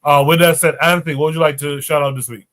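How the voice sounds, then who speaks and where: Bright-voiced male podcast host. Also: fairly high pitch, steady tone, quick pace. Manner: leads the show and hands off to each guest. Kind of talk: casual livestream chat.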